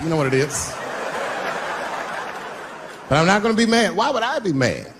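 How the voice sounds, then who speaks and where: A man in his fifties doing a stand-up routine on stage, swinging from loud bursts to low mutters. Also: big pitch swings, normal speed. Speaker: stand-up comedian. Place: stage before a live audience. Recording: live show with loud crowd noise. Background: audience laughter.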